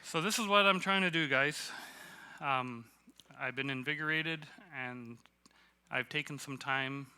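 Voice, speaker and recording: Bright, gravelly-voiced man preaching casually. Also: medium pitch. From Canada. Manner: casual, halting, self-deprecating with many fillers. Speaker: guest preacher. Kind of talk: sermon. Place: church hall.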